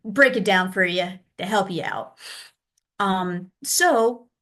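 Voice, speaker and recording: A woman's voice: medium pitch, takes it slowly, bright, forceful tone. An American woman who works as a child abuse investigator, answering interview questions conversationally and acting out her polite phone calls to parents.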